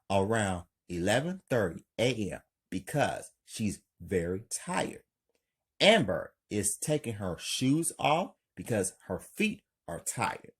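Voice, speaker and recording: Slow, husky-voiced male story narrator. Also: lowish voice. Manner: slow, plain reading with hype outro. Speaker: channel host and story narrator. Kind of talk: amateur read-aloud story narration.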